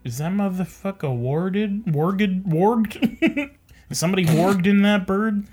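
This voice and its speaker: A woman playing a tabletop game, blunt and bossy with quick jokes. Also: mid-range voice, a little mellow, faint music behind. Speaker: player. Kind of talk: casual tabletop role-play.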